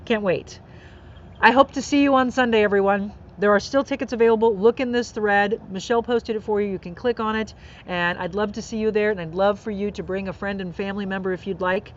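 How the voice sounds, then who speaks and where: A woman's voice: medium pitch, fairly even intonation, fairly quick. Woman doing a live uplifting podcast outdoors, earnest, faith talk, slightly muffled audio. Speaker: podcast host. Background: birds and faint outdoor noise.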